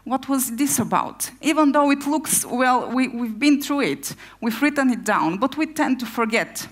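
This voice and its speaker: Woman giving a lively conference talk. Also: high voice, normal speed. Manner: energetic, fires rhetorical questions. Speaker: conference speaker, product owner.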